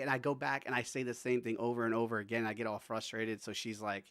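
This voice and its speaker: Man, streamer, casual chat, laughs a lot, middle pitch, dry sound. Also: fast talker, few pauses, a bit bright, no echo. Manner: chatty, laughs often, talks to his chat and his dog.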